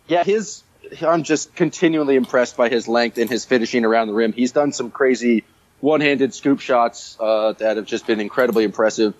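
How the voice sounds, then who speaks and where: A man's voice: medium pitch, normal speed. A man co-hosting a casual sports podcast, talking with enthusiasm and rambling through fillers. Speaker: podcast co-host. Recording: dull, dry lo-fi sound.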